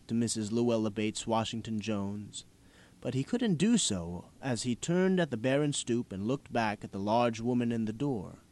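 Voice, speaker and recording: A man reading a short story aloud with expressive storytelling. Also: fairly low pitch, normal speed. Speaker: story reader.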